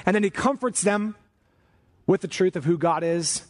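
Man, pastor, sermon, emphatic preaching, slightly high voice. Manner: emphatic preaching, slows and rises on key commands.

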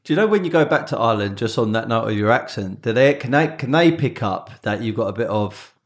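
A man hosts a conversational podcast interview at an ordinary middle pitch. He asks his questions in a chatty way and often tells anecdotes along the way. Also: animated, quick pace.

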